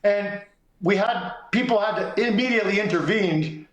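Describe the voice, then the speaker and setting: Animated man telling a story in an echoey room. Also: high voice, moderate pace. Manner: animated anecdote telling, acts out quotes. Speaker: sports columnist guest. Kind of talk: casual storytelling.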